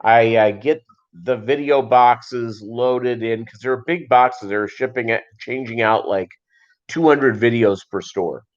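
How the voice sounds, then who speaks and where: A man's voice: mid-range voice, slow, lo-fi sound. A middle-aged man hosting a livestream, telling a long story in a loose, rambling way with many restarts and asides. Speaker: livestream host.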